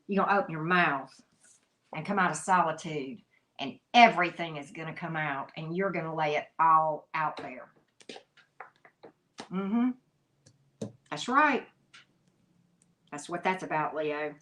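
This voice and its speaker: A woman's voice: low voice, measured pace, long pauses, a bit bright. A woman giving a live tarot reading, talking emphatically and chattily to her viewers, with frequent "mm-hmm" asides. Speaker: tarot reader.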